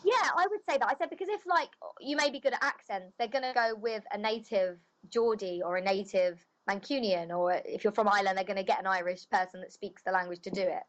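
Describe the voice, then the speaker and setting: A woman's voice: mid-range voice, fast, hardly any pauses, dull audio. A woman voice actress chatting casually in an interview, loose and full of filler phrases. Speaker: voice actress guest.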